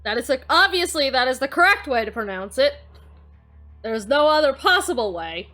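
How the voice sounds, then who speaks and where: A woman's voice: high voice, sing-song, fairly quick, pushed and bright. A woman streamer chatting casually on a live stream, working through riddles. She laughs often, swears in surprise and mutters the clues to herself. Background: faint background music.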